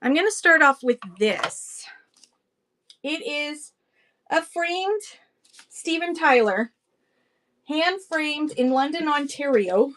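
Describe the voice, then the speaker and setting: A woman's voice: high-pitched, lively intonation, slow pace, pauses often, a bit bright. Chatty woman running a live auction. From Canada. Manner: chatty, rambling, greets viewers by name. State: out of breath. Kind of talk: casual live-stream selling chat.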